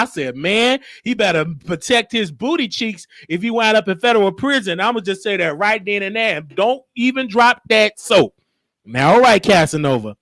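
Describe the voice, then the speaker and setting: High-voiced chicago guy ranting on his show, dry close mic, super animated. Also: dry recording. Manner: animated, shifts into high shrieking voices for quotes. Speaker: show host. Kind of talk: casual commentary monologue.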